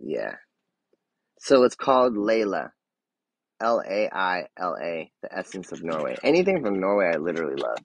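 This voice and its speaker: On a casual live stream, a man in his thirties gushes excitedly, his talk full of fillers and restarts, sometimes sinking to a soft murmur. His voice sits low with vocal fry, he speaks at a moderate pace, and the audio quality is poor.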